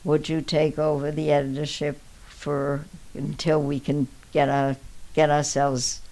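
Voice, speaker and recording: An older woman telling stories from her life in an interview, halting, with many restarts and pauses, and laughing as she recalls them. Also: deep voice, level tone, mellow. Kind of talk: reminiscing storytelling.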